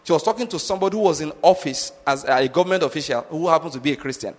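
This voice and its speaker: A male pastor preaching with insistent emphasis, often pausing to ask whether the congregation is following. His voice sits a little high for a man. The sound carries a long, hall-like reverb. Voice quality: emphatic, drives points home with repeated check-in questions. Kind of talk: sermon.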